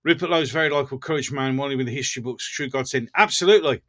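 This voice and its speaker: A man's voice: medium pitch, rapid-fire, fairly bright tone. A man with a Black Country accent hosting a casual livestream, chatting with viewers, joking and laughing often. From English Black Country. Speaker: livestream host. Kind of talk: casual live chat reading comments.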